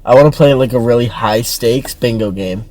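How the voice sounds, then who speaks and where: A young man in casual chat, joking with quick comebacks. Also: mid-range voice, a little mellow. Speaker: co-host.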